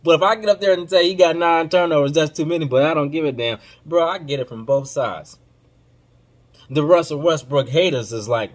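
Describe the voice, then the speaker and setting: A man's voice: a little high, a little fast. Emphatic man ranting about basketball. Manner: emphatic and animated, swinging from loud to muttered; informal slang-heavy delivery. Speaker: podcast host. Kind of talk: casual basketball commentary.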